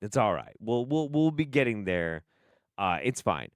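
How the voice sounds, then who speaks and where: A young adult man hosting a stream, reacting in animated casual commentary, swearing and laughing often. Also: on the low side, normal speed, dry recording, studio quality. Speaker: streamer host.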